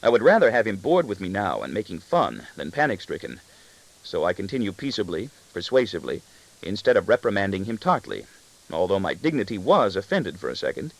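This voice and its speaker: A man's voice: low voice, very animated, a little fast, vocal fry, poor audio. A man narrating a literary novel in the first person, introspective and wry. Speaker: audiobook narrator.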